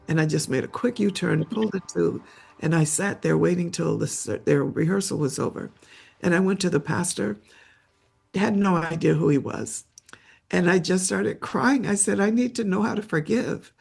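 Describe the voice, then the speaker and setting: An older woman, a memoir author and interview guest, telling a personal story in a halting way, repeating words as she gets tearful. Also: on the low side, creaky, a little mellow, slightly rough, soft background music.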